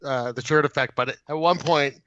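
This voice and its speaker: A man co-hosting a casual film review podcast over a video call, quick with jokes and laughter. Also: medium pitch, steady tone, a bit bright, highs cut off. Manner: laughs often, jokey asides. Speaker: podcast co-host.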